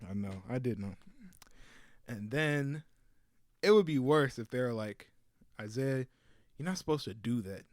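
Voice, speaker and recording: Animated young man telling a story, dry mic. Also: medium pitch, unhurried, pauses often, dry recording. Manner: animated storyteller, acts out quotes in varied voices. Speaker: podcast co-host. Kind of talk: casual storytelling chat.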